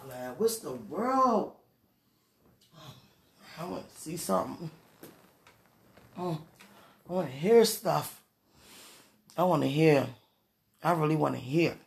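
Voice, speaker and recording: A young woman with a somewhat low voice talks to her viewers from bed in a casual, confessional way. She sighs a lot and mutters dramatic pleas to God. Her volume swings from quiet murmurs to loud outbursts. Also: animated, takes it slowly, vocal fry, pauses often. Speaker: vlogger.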